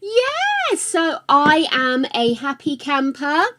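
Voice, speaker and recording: A woman's voice: sits high, wildly swooping pitch, takes it slowly, noisy background. An older woman chatting casually on a live stream, affectionate and talkative, calling her viewers darlings. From United Kingdom.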